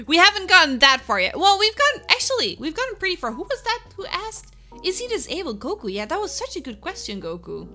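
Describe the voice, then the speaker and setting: A woman's voice: very high voice, big pitch swings, moderate pace, pushed and bright, faint music behind. A woman streamer chatting casually with her live viewers, upbeat, laughing often and answering them by name.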